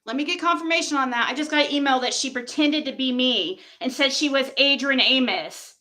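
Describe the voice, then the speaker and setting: A woman's voice: high-pitched, brisk, sharp tone. A woman livestreamer in a heated, profane rant, talking straight to her chat.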